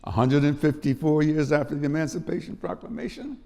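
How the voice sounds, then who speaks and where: A man's voice: fairly high pitch, expressive, a little fast, gravelly, dark tone. A man in his eighties giving an emotional speech at an award event, telling stories with repetitions. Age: 80s. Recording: long hall reverb.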